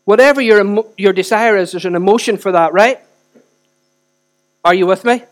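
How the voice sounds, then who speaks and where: A man preaching a sermon in a church, speaking in a conversational way with direct questions to the congregation, swinging between loud and hushed. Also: high-pitched, moderate pace. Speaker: pastor.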